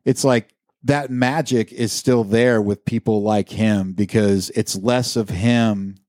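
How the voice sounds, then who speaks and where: A man's voice: fairly low pitch, fairly even intonation, slow pace, darkish tone, no room sound, clean studio sound. A man co-hosting a podcast, telling a long rambling anecdote with lots of fillers and casual swearing. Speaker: podcast co-host. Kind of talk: casual chat, storytelling.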